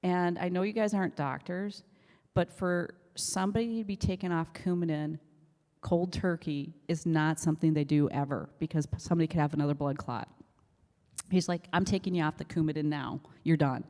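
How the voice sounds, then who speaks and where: A woman telling her story in church, animated, acting out conversations and often laughing. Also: low-pitched. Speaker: church member giving testimony. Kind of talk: storytelling testimony. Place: church sanctuary. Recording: long church hall reverb.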